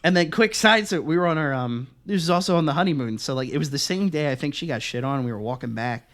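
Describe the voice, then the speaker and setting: A man co-hosting a podcast, telling stories in a casual, profane, animated way. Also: fairly high pitch, fast talker. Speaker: podcast co-host. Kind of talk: casual chat, storytelling.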